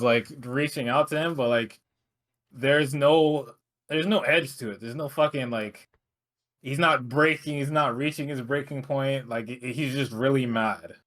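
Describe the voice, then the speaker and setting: Male co-host, average pitch, loose profane rambling chat. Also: a bit bright. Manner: profane, rambling with many fillers. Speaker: podcast co-host. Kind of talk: casual chat.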